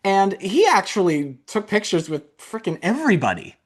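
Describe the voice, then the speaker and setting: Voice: medium pitch, sing-song, moderate pace. A young adult podcast host talks with a guest in a loose, friendly way. He gushes like a fan, laughs easily and drifts into long tangents before steering back. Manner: enthusiastic fan, laughs often, rambles. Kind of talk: casual interview chat.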